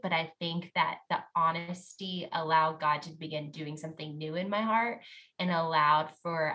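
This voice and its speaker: A woman with a bright, forceful tone and a lowish voice tells a candid faith story. She is earnest and animated, and she laughs easily as she talks. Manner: earnest and animated, heavy use of "like", laughs often. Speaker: podcast guest.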